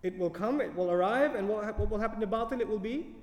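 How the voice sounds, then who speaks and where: A man giving a tafsir lecture as a Quran teacher, animated and often putting questions to his audience. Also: high voice, fast talker, long reverb tail.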